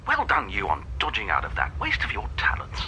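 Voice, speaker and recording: A man's voice: deep voice, huge pitch swings, brisk, bright, forceful tone, slight background noise, exaggerated voice, poor audio. An actor playing a breezy, chummy, scatterbrained male agent.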